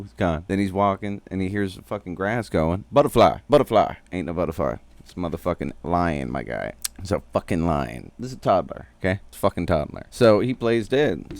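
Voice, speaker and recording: Deep-voiced man recapping anime, profane. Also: no room sound. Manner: profane, slangy, joking.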